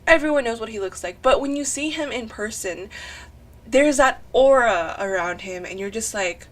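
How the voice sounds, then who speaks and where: A young woman talking over her drawing video, gushing and rambling excitedly with sighs and lots of "like". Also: fairly high pitch, moderate pace. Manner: rambling and breathless, often saying "like". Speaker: artist narrating a drawing video. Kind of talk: casual chat voice-over.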